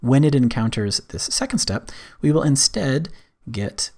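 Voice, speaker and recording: A man presenting a screen-recorded music software tutorial, explaining step by step in a relaxed way with frequent fillers. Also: medium pitch, unhurried.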